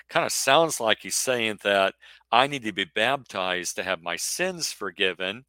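Man, middle-aged, preacher; forceful bright tone, close dry sound, rhetorical sermon delivery. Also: on the low side, big pitch swings, a little slow, no room sound. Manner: emphatic, rhetorical, acts out imagined questions. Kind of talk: sermon-style Bible teaching.

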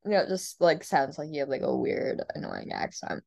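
A woman's voice: rumbling low, wildly swooping pitch, brisk, gravelly, darkish tone. A young woman co-hosting a podcast in casual chat, giggling often and filling her talk with "like". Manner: giggly, lots of "like" fillers. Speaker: podcast co-host.

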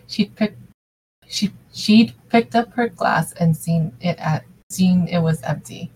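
A woman reads fan fiction aloud as narrator, casual and relaxed, now and then stumbling and restarting a word. Her voice is very low for a woman, and a faint noise sits under it. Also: takes it slowly, low-quality recording. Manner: casual reading with small slips and restarts. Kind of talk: amateur story reading.

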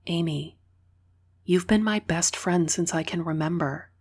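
A woman voicing a young woman, the heroine's loyal best friend, speaking softly and earnestly. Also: lowish voice, a little slow, breathy edge. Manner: soft, earnest and tender.

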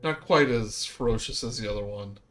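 A man's voice: mid-range voice, a little fast, fairly bright tone. Casual man running a tabletop game. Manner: casual, hesitant with many fillers. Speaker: game master.

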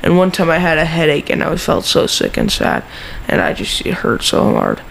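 Young man, high lively chatter. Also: normal speed, gravelly, a little hiss or hum, rough recording. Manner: rambling, filler-heavy, playful. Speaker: podcast co-host. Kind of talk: casual chat.

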